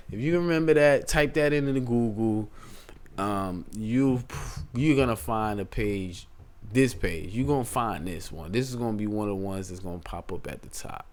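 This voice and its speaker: Chatty rambling man teaching tech. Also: fairly low pitch. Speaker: tech tutorial host. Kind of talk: casual screen-share tutorial.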